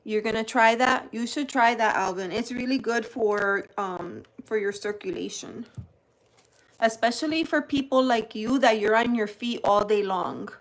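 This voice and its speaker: A woman's voice: on the high side, normal speed, low-quality recording. A woman hosting a casual livestream for her tarot channel, greeting viewers by name and answering chat as she goes.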